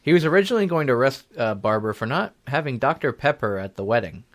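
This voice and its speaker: A man's voice: medium pitch, lively intonation, fast talker. A young man hosting a casual comedy talk show on college radio, rambling and spinning silly made-up stories. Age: young adult.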